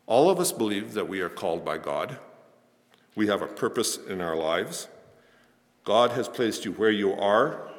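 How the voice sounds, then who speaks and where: An older man preaching a sermon, telling stories in a soft, earnest way. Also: on the low side. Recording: long hall reverb.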